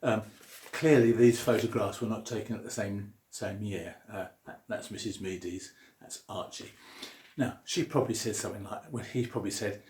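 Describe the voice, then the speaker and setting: A man's voice: fairly low pitch, steady tone, moderate pace, darkish tone, slight background noise. A man giving a jokey science lesson full of puns and drawing diagrams as he explains. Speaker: science teacher. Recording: roomy echo.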